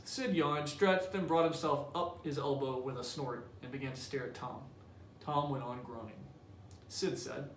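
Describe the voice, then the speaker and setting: A man's voice: mid-range voice, steady tone, normal speed. A male teacher explaining the story and then reading a novel aloud to his class in a conversational manner. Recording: echoey room, distant mic, faint hiss.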